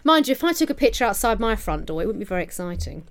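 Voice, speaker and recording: A woman's voice: mid-range voice, very animated, racing, a little hiss or hum. A woman co-hosting a podcast in casual chat, teasing and full of banter. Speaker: podcast co-host.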